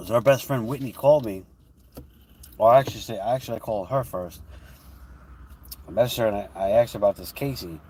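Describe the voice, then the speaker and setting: A man's voice: lowish voice, brisk, long pauses, a little mellow, distant mic, slight background noise. A man telling a heated personal story on a livestream, swearing freely as he goes. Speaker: livestream host.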